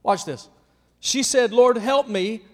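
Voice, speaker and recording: A man with a high voice preaches to a church congregation, jumping between loud emphatic lines and near-whispers. He calls out to people in the room by name. His voice rings with the long reverb of a big hall. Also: slow. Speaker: pastor. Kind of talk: sermon.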